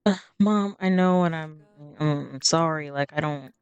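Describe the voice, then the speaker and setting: A woman doing a struggling young man who answers his mother defensively and then apologetically. The voice is low and smooth, told in a relaxed, casual way. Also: measured pace, no room sound, lo-fi sound. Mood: apologetic.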